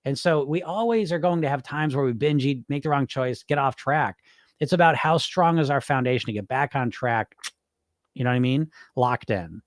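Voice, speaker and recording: A man's voice: medium pitch, moderate pace, no echo, clean studio sound. A middle-aged man hosting a weight-loss podcast, talking casually and bluntly, swearing freely as he coaches listeners and mimics panicked dieters. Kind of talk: casual live-stream coaching talk.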